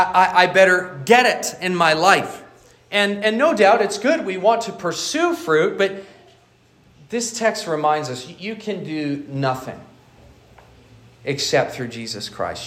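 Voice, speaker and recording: A man preaches a sermon in a slightly high voice. He speaks earnestly and often doubles a word as he begins a thought. The sound is roomy and echoey, like a church hall. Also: fairly bright tone. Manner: earnest preaching with frequent repeated words. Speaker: pastor.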